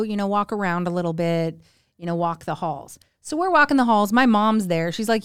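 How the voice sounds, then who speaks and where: A woman in her forties, a podcast guest, tells family stories in casual conversation, voicing the people she quotes with big jumps in pitch. Her lowish voice is clear and resonant at a moderate pace. The sound is clean studio quality with no room sound.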